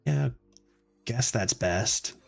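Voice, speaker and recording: Guy streaming a card game, chatty and excitable, faint music under him. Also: extremely slow, vocal fry. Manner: excitable, thinks aloud, sometimes drops to a low put-on voice. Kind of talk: casual gameplay commentary.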